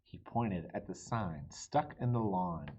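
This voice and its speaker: A man with a husky voice, reading a children's chapter book aloud in an animated, friendly way and asking the listeners questions. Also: low voice, takes it slowly. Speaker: storybook reader.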